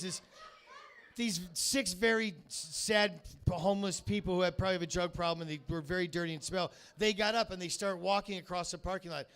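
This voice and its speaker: A man's voice: high-pitched, a bit bright. A man doing a rambling, crude stand-up comedy set in a comedy club, baiting the crowd and heavy on filler words.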